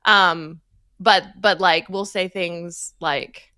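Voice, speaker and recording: Bright-voiced woman, chatty co-host. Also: lowish voice, slow, clear, resonant tone, no room sound. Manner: animated storytelling, laughs often. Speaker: podcast co-host. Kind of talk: casual chat.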